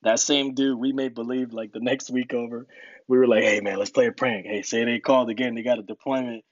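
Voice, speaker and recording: A man of middle pitch tells his story in a relaxed, slangy podcast chat. He jumps into high, squeaky voices when quoting people and laughs through the punchlines. The sound is dry and a little dull, like a lo-fi podcast mic. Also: fairly quick, no echo. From United States. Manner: animated storyteller, acts out quotes in high voices, laughs often. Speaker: guest. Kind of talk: casual storytelling interview.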